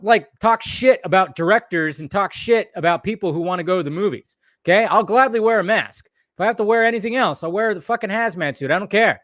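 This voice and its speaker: A man's voice: high voice, fairly bright tone, no echo. A man hosting a live stream, ranting heatedly and swearing often while a little tipsy from bourbon. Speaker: streamer host.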